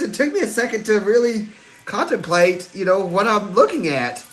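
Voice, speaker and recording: A man, hosting a live stream and chatting excitedly with viewers. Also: high voice, moderate pace. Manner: excitable, giddy, chats to viewers. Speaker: livestream host hunting coins. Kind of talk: casual live-stream chat.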